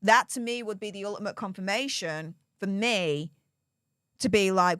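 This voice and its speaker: A woman's voice: mid-range voice, normal speed, a bit bright, clear, resonant tone, no echo, studio quality. A woman, giving casual opinion commentary and posing rhetorical questions to her viewers. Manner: chatty, rhetorical questions, speculative. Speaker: commentary vlogger.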